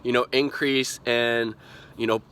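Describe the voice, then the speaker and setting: A man's voice: medium pitch, level tone, measured pace, a bit bright, smooth. A man giving an exasperated, rambling video rant, cursing often and filling his talk with "you know". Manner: exasperated, profane, rambling with many fillers. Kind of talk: ranting video commentary.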